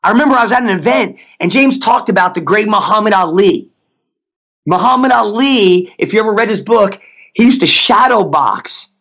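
A man's voice: high voice, animated, normal speed, a bit bright. Man, middle-aged, mindset coach, fervent preacher-like delivery, chanted affirmations. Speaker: podcast guest, mindset coach. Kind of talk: motivational faith talk.

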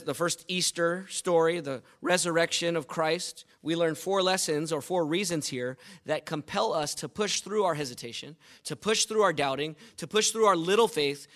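A man's voice: on the high side, a bit bright. A man preaching a sermon as pastor, quizzing the congregation and repeating points with emphasis. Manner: asks the congregation questions, emphatic repetition.

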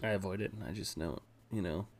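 Dry-humored man on a podcast. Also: fairly quick. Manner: dry humor, low-key. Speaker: podcast co-host. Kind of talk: casual chat.

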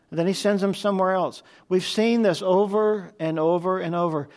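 A man's voice: high-pitched, moderate pace, hardly any pauses, darkish tone. A man preaching a sermon as pastor, conversational and earnest, often asking his listeners questions.

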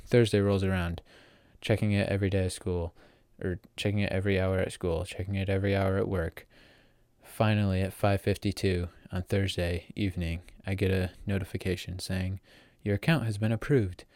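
A man's voice: sits low, little pitch movement, normal speed, darkish tone, no echo, clean studio sound. An eighteen-year-old young man telling a casual story in a rambling way, full of fillers and restarts. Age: teens. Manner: rambling, filler-heavy, self-correcting. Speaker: vlogger.

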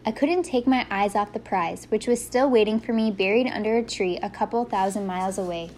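A woman's voice: medium pitch, a little fast, darkish tone, a little hiss or hum. Woman narrating an audiobook. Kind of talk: first-person audiobook narration.

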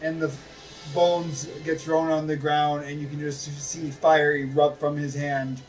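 Unhurried game master, distant mic. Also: male voice, fairly high pitch, flat delivery, faint music behind. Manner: unhurried, hesitant restarts. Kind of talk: narrating a tabletop game.

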